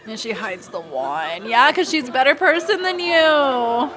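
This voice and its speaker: A woman hosting a movie reaction, excitable and gushing, laughing often as she talks. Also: high voice, unhurried. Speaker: host.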